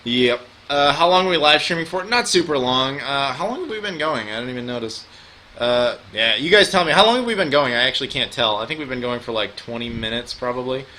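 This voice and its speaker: A man's voice: mid-range voice, animated, brisk, pushed and bright, slight background noise. An American man hosting a casual live stream chat, joking around loosely and swearing freely. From United States. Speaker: host.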